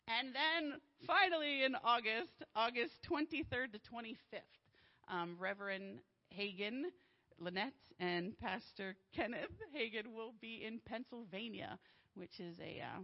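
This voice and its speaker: A woman's voice: mid-range voice, highs cut off. Bubbly woman giving church announcements. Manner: bubbly, enthusiastic, laughs often. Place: church sanctuary.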